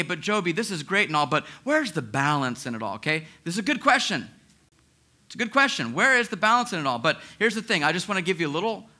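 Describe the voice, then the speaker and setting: A man preaching a sermon as pastor, in a lively, conversational way with frequent restarts. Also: a little high. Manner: acts out listeners' inner objections.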